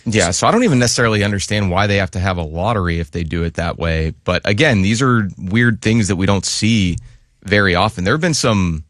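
Low-voiced man co-hosting sports talk. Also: a little fast, dry recording, studio quality. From western Pennsylvania. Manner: relaxed, opinionated, often says "like" and "I mean". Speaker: sports talk show co-host. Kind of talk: casual sports chat.

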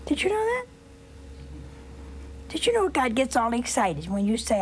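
An older woman teaching with slow, lingering phrasing, her voice rising and falling with great expression. She hosts a religious call-in program and sinks to near whispers on her tenderest lines. A faint hiss sits under the recording. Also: high-pitched, wildly swooping pitch. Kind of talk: spiritual teaching with phone calls.

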